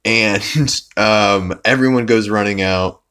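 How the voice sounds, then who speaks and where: Young guy podcast host, lowish voice, lots of ums and restarts, chill rambling. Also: takes it slowly, pushed and bright, clear, resonant tone. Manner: rambling, many fillers and restarts, laughing. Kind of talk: casual episode recap.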